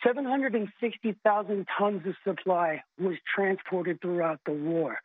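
Male caller, tinny phone audio, high voice, fervent sermon-like rant. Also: normal speed, no echo. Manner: urgent, preaching, swings from low and steady to shouting. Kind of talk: impassioned call-in rant.

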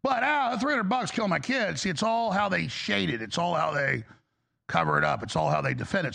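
A middle-aged talk show host gives a rambling, impassioned confessional monologue that builds into preaching. His voice is on the high side, gravelly and slightly rough, with a somewhat bright tone.

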